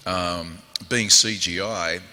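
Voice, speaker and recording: A man's voice: low-pitched, slow pace, slight background noise. New Zealand man spinning stories in a hall. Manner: lively anecdotes with quoted voices and growls. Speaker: actor on a convention panel. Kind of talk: animated storytelling to an audience. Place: large convention hall. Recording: echoey convention hall with long reverb.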